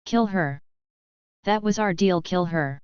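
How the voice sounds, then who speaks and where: A woman's voice: lowish voice, slow pace, clean tone, no echo. A woman voicing an oily, wheedling Hutt boss. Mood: pleading. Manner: wheedling, pleading. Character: oily treacherous male Hutt crime boss. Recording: slightly dull, dry sound.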